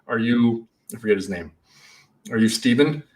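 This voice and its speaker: Animated storytelling man, slightly distant mic. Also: medium pitch, moderate pace. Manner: animated, acts out shouting in his stories. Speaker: party rental business owner and YouTuber. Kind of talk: casual storytelling.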